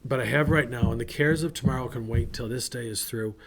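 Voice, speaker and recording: A man's voice: medium pitch, a little fast, a crowd in the background. A man who is a pastor giving a casual, earnest devotional talk with an encouraging, conversational manner.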